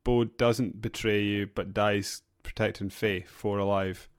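A man with a slightly low voice chatting casually as a podcast co-host. He is from England, laughs easily and often leaves sentences unfinished. The sound is close and dry. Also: steady tone, a little slow, clean tone, no echo. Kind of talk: casual chat.

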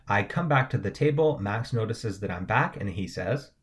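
A young man with a slightly low voice teaches patiently. He breaks each word down letter by letter and keeps asking the viewer "right?" in a relaxed, explanatory lesson style. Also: moderate pace. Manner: patient, spells words out letter by letter, often checks in with "right?". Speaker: language teacher.

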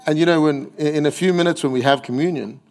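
A man delivers a sermon in a church. His voice sits a little high for a man, and he preaches with emphasis, slipping into short acted-out voices for the people he quotes. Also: quick pace, a little mellow. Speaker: pastor.

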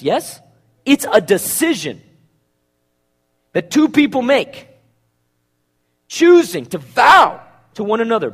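A man preaching a sermon, asking the congregation rhetorical questions and swinging from loud emphasis to hushed words. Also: sits high, husky.

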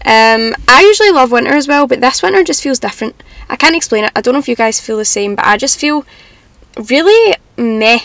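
A woman's voice: high voice, lively intonation, a little fast, creaky, fairly bright tone, dry recording. A young woman with a Scottish accent, chatting casually to her viewers from her car in a rambling, upbeat way. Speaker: vlogger. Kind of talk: casual chat to camera.

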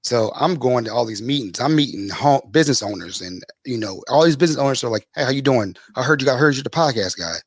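Animated man telling stories. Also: fast talker, hardly any pauses, slightly rough, dry recording, studio quality. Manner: animated, acts out quoted people with big pitch jumps. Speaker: podcast host being interviewed as guest. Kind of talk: casual storytelling in an interview.

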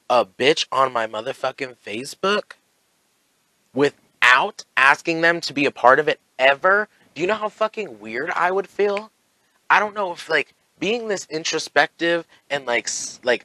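Sassy, excitable man hosting a podcast. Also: no echo, rough recording. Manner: sassy, campy and excitable, swinging to soft and low. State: sore with heartburn. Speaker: podcast host. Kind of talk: casual solo podcast chat.

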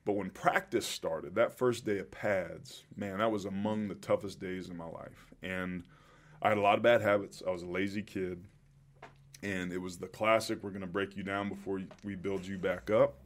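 A man's voice: low voice, fairly even intonation, normal speed. A middle-aged man, a guest telling a personal story in an earnest, reflective way, emotional at times.

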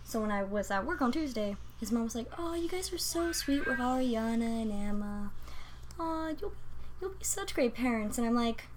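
A young woman in her twenties co-hosting a casual late-night chat, blunt and deadpan. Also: a little high, normal speed, slight background noise. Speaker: podcast co-host.

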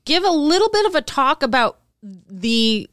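A woman's voice: high voice, very animated, a little slow, fairly bright tone, dry recording, studio quality. A woman co-hosting a podcast in casual chat, steering the conversation and often restarting her sentences. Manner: chatty, restarts sentences while steering the talk. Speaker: podcast co-host.

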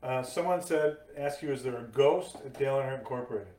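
A man's voice: medium pitch, fairly quick. A man hosting a casual interview, telling stories and acting out the voices of people in them. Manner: animated, acts out voices in his stories. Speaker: podcast host. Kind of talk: casual storytelling chat. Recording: echoey room, mic at a distance.

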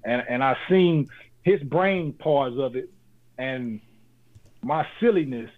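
A man's voice: medium pitch, slow. Laid-back man on a tinny line. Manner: motivational, laid-back and joking. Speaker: podcast co-host. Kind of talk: casual podcast chat. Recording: phone-like lo-fi audio.

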